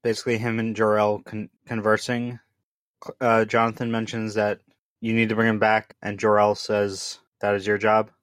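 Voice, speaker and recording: A man co-hosting a casual podcast, chipping in with short additions and corrections. He speaks low and flat, with hardly any rise or fall. The sound is dry and close, with no room echo. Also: normal speed, clean tone. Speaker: podcast co-host. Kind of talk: casual chat.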